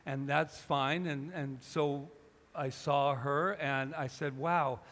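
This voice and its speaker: Man, pastor, sermon, higher voice, storytelling, reverberant hall. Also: steady tone, slow pace, fairly bright tone. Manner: storytelling, acting out both sides of a conversation. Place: church hall.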